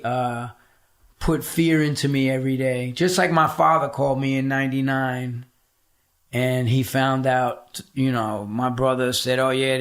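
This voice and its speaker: A middle-aged man, a podcast guest, telling a personal story in a casual interview, blunt, profane and emphatic. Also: mid-range voice.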